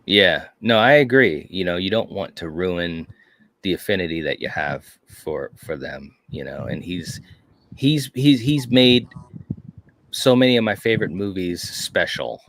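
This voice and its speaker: A man's voice: low voice, lively intonation, a little slow, a bit bright, slight background noise. A man co-hosting a casual chat, telling stories with enthusiasm and lots of "you know". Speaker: podcast co-host.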